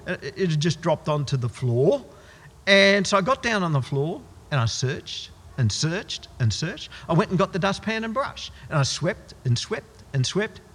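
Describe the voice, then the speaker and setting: A man's voice: fairly high pitch, big pitch swings, normal speed, a bit bright, breathy edge, big-room sound. A man preaching a sermon in a conversational, wry style with exaggerated asides.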